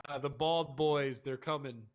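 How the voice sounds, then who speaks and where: A man's voice: medium pitch, steady tone, unhurried. A man in a game roleplay, playful and joking.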